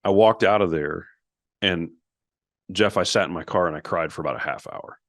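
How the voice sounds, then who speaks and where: A man's voice: low-pitched, moderate pace, no room sound, clean studio sound. A man as a podcast guest, earnestly retelling an emotional story with many restarts and quoted dialogue.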